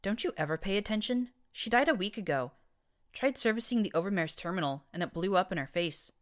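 A woman's voice: medium pitch, lively intonation, fairly quick, pitched above the performer's own voice, natural voice. A woman voicing an older gray mare who runs maintenance, dry and blunt in speech. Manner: dry, blunt, matter-of-fact.

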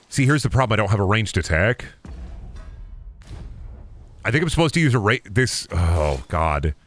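A man's voice: lowish voice, fairly bright tone, dry recording. A man streaming a video game and commenting live, talking in a profane, repetitive, often exasperated mutter.

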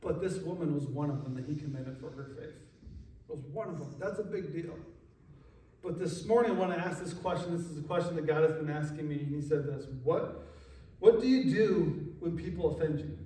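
A man's voice: on the high side, steady tone, brisk, warm tone, a little hiss or hum. A male pastor preaching a casual, joking sermon in a conversational way. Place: church sanctuary. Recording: echoey room from a distance.

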